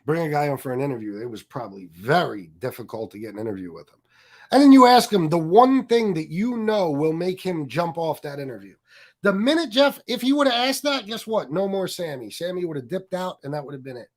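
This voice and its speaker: Heated, animated male livestream ranter. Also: on the high side, fairly quick. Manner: angry, profane and mocking, with many fillers. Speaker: streamer host. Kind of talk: ranting live stream commentary.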